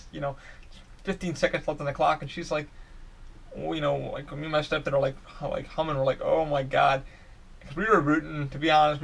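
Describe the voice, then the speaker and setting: A young man rambles through a solo podcast episode, swearing often and tripping over his restarts. His voice sits a little high and carries a gravelly fry. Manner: profane, excitable, rambling with restarts. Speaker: podcast host.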